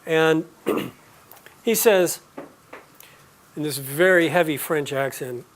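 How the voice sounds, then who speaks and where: A man teaching a live class, explaining and telling stories in a relaxed, conversational way. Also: a little high, slow, long pauses. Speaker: aromatherapy teacher.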